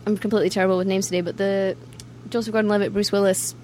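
A woman's voice: medium pitch, little pitch movement, rapid-fire, a little mellow, slight background noise. Chatty Scottish woman, laughing often. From Scotland. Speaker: guest musician. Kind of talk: casual interview chat.

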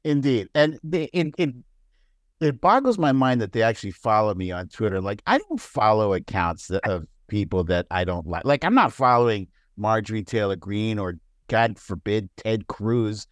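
A man talking as a guest on a podcast, telling stories in an animated way and laughing often. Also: fairly low pitch, moderate pace, dry recording, clean studio sound. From United States. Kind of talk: casual chat.

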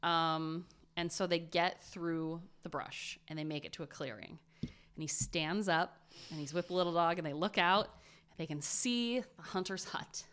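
Woman telling a story, low voice. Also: a little slow, clean tone. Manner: animated retelling, drops to a hush at tense moments. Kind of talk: casual storytelling chat.

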